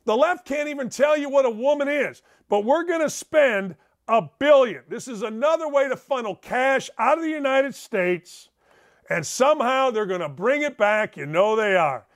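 High-pitched ranting male talk host. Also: lively intonation, moderate pace. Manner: emphatic, digressive, sarcastic. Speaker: sports talk show host. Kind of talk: ranting sports talk monologue. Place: home studio.

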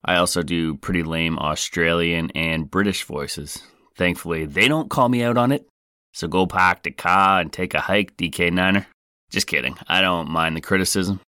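A man's voice: low voice, sharp tone, smooth, no room sound, studio quality. A man hosting a comedy podcast, joking and playful as he tells stories. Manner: jokey, playful, quick swings in delivery. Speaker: podcast host.

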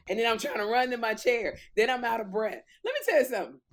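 Slight background noise sits behind this middle-aged woman's higher-pitched voice as she hosts a talk show. She's an animated storyteller who imitates the voices she quotes, chatting casually while still slightly out of breath.

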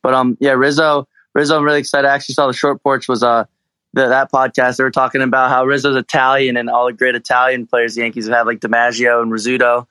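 A man's voice: medium pitch, flat delivery, fast, bright, forceful tone, clear, resonant tone, no room sound, poor audio. A man calling in to a sports talk show, chatty and upbeat, full of fillers. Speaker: caller.

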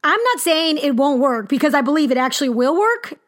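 High-voiced woman doing animated sports talk. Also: brisk. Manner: animated, emphatic, exclaiming. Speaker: sports podcast host. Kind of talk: casual sports commentary.

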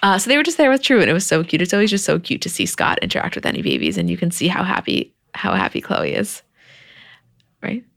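A woman's voice: fairly low pitch, fast, vocal fry. A young adult woman co-hosting a podcast, chatting casually and animatedly about a reality show. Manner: animated, quotes others in a raised playful voice. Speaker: podcast co-host.

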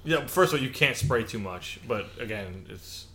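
A man's voice: medium pitch, lively intonation, moderate pace, fairly bright tone, a little hiss or hum. A man telling a story in casual podcast chat, laughing often and using many fillers.

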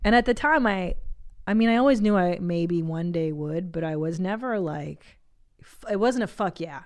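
A woman in her forties hosting a casual podcast chat, playful and joking, with a medium-pitched voice. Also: lively intonation, moderate pace, darkish tone. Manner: playful, joking, laughs often. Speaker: podcast host.

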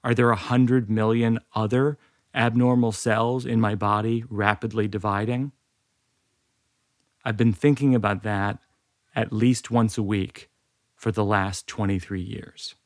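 A man's voice: lowish voice, steady tone, measured pace, dry recording. A man in his forties, a podcast host, reading a personal story aloud in a dry, wry way with self-aware asides. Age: 40s.

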